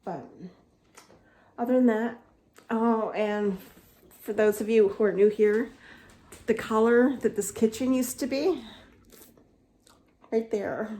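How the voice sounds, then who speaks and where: A woman's voice: a little high, steady tone, slow, pauses often, warm tone. A woman in her fifties chatting in a rambling, casual way while showing her house, with many fillers and restarts. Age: 50s. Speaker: vlogger. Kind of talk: casual home tour chat. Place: inside a house.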